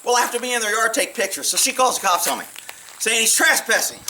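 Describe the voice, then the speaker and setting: Middle-aged cop guy ranting casually, cusses a lot, kinda high sharp voice. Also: fast, recorded from a distance, slight background noise. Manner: blunt, profane, animated. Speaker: police officer vlogger. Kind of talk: casual storytelling monologue.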